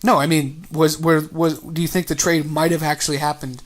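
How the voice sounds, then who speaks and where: A man's voice: on the high side, little pitch movement, fairly quick. A man co-hosting a casual sports podcast, rambling and joking with sarcastic asides. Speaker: podcast co-host.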